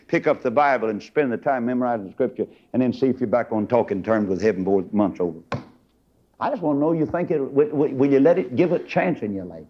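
A middle-aged preacher, delivering a fiery sermon and swinging from loud highs to low asides. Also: male voice, animated, quick pace. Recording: dull lo-fi recording.

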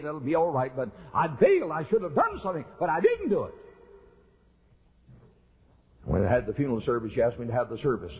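An older man, preaching a sermon as a pastor and telling a story earnestly, repeating lines and rising in emphasis. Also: medium pitch. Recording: husky voice over a tinny, phone-like recording.

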